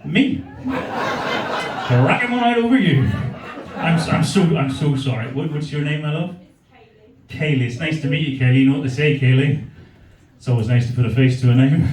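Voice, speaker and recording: A man with a Belfast accent performing a stand-up set, bantering crudely and quickly with the crowd. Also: on the high side, distant mic. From Northern Ireland. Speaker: stand-up comedian. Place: comedy venue with live audience. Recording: roomy live venue, crowd laughter.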